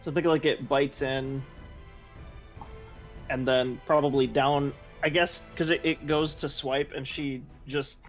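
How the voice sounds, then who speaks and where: Halting man describing his character's move. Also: mid-range voice, fairly even intonation, faint music behind. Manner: halting, thinking aloud. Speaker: player. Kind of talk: casual game talk.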